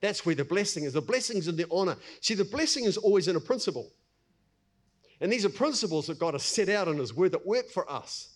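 A middle-aged pastor, preaching in a conversational way and acting out everyday scenes. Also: male voice, high-pitched, expressive, fairly quick. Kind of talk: sermon.

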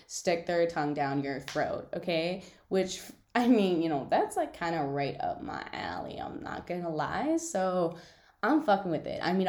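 A woman's voice: on the low side, a little mellow, reverberant. A young woman hosting her own podcast, chatting casually and telling stories with lots of fillers and giggles. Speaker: podcast host. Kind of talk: casual solo podcast chat.

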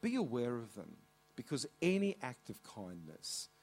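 A man's voice: mid-range voice, a little slow. A middle-aged man, a pastor telling a family story in his sermon, often restarting with "and so". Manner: animated, repeats "and so".

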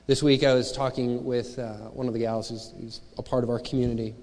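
A man preaching in a church hall, his mid-range voice carried by a long reverb. He talks in a relaxed, searching way and keeps asking his listeners questions. The tone is earnest and conversational rather than grand. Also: medium pitch, brisk. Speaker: pastor. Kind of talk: sermon.

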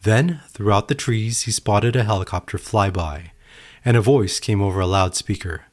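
A parable is told in earnest by a solo male podcast host, whose lowish voice moves at a moderate pace. The talk is reflective and story-driven.

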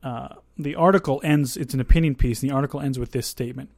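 A man hosts a podcast in an easygoing, conversational way, drifting into asides and restarting his thoughts. His voice sits at a middle pitch. The recording is dry and close. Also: fairly even intonation, quick pace, creaky, dry recording. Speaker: podcast host. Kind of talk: casual podcast discussion.

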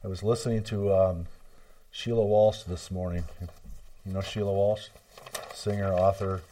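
A man with a deep, mellow voice preaching a sermon. He swells to loud appeals and drops to quiet, repeated words for emphasis, and retells stories in plain conversational speech. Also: fairly even intonation, measured pace, slight background noise. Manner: varies loudness for emphasis, repeats key words; retells a story acting out voices in quotes. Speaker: pastor.

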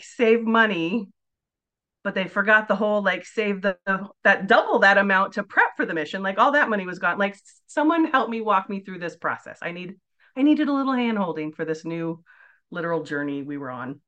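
A woman's voice: mid-range voice, animated, brisk, a bit bright, dull audio. A woman in her forties, a podcast guest chatting casually and telling her story with lots of filler words. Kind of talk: casual interview chat.

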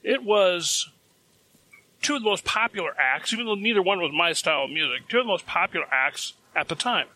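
Bright-voiced storytelling man. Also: sits high, animated, a little fast. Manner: chatty, self-amused, chuckles at his own jokes. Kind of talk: casual storytelling.

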